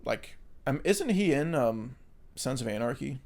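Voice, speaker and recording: An American man co-hosting a movie podcast in loose, casual chat. His voice sits at an ordinary middle pitch and he rambles, filling gaps with ums and likes and swearing now and then. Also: animated, unhurried, a little mellow. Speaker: podcast co-host.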